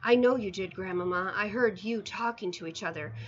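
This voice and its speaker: A woman voicing an excited young boy, who calls out eagerly and breathlessly in a storybook reading. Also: mid-range voice, fairly quick, highs cut off, lightly acted. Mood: relieved.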